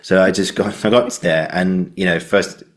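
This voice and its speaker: A man hosting a podcast, sharing a memory in a relaxed, rambling way. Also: deep voice, moderate pace. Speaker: podcast host. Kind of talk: casual interview chat.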